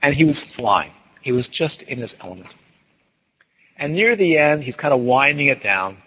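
Animated guy giving a talk and doing little voices, husky, dull recording in a big hall. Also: mid-range voice, normal speed. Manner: animated, acts out quoted voices. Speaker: dharma teacher. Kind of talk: storytelling talk to an audience.

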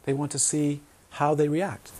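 A man giving an informal Dharma talk to a small group, telling stories with animated asides. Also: fairly high pitch, unhurried, a little hiss or hum. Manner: animated storytelling, acts out quoted voices. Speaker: meditation teacher.

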